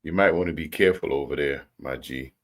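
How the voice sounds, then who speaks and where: A man's voice: very deep voice, fast talker. A man hosting a reaction video who jokes, interrupts clips and talks to his viewers. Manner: jokey, interjecting, addresses viewers. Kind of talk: casual reaction commentary.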